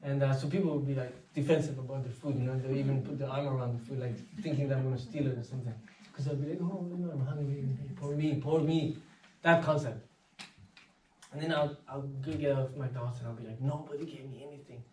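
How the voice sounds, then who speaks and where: A man giving an inspirational talk, telling anecdotes in a casual, animated way and acting out the voices of people in his stories. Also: medium pitch, fast, slight background noise. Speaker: speaker. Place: meditation centre hall. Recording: echoey hall, voice from far off.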